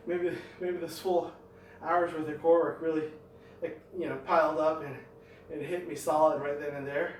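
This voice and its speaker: A man's voice: fairly high pitch, slight background noise. A middle-aged man vlogging his home workout, rambling and thinking aloud as he goes. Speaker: fitness vlogger. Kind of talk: talking through a home workout. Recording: echoey room, mic at a distance.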